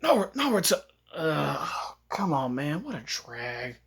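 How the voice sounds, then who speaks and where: A man's voice: on the high side, sing-song, brisk. A man voicing a laid-back teenage boy ninja who talks in a weary drawl.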